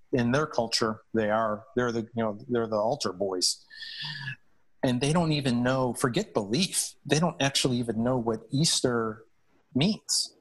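A man, a hockey chaplain, telling stories earnestly in a podcast interview, often restarting his sentences. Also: medium pitch. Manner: earnest, animated storytelling with restarts.

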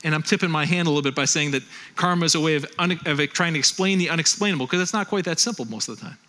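Bright-voiced, animated male preacher. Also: a little high, racing. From Western New York. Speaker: pastor. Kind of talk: sermon.

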